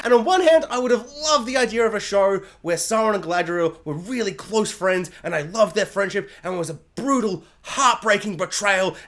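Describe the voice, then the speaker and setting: A reviewer giving a comedic spoiler review, animated and jokey, often acting out characters in silly voices. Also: mid-range voice. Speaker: TV show reviewer.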